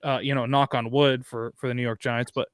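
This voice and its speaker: A man with a slight Northeastern US accent co-hosts a casual sports podcast. He talks in a crisp, smooth voice and rants with mounting heat. The sound is dry and close. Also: medium pitch, little pitch movement, fairly quick, no echo. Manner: ranting, gets fired up. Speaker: podcast co-host.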